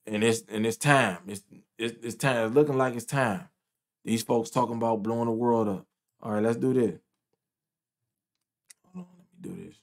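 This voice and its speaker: Man, ranting commentary, profane, repetitive, rising to loud peaks. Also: medium pitch, very animated, normal speed, long pauses. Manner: loud, profane, repeating himself.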